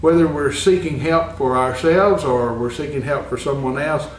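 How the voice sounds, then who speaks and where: A man teaching a Bible lesson in a church classroom, earnest and often pausing with fillers. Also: on the high side, slight background noise. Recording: echoey room, far from the mic.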